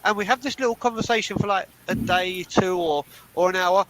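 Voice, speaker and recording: High-voiced blunt man. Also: steady tone, quick pace, few pauses, fairly bright tone, poor audio. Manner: blunt, emphatic, swears freely. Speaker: podcast co-host. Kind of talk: candid panel talk.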